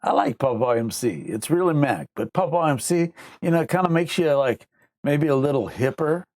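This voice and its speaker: A man's voice: fairly high pitch, lively intonation, normal speed, darkish tone, no echo, clean studio sound. A man hosting a casual livestream, rambling and reading out viewer comments. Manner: rambling, conversational, drops into mock voices. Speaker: livestream host.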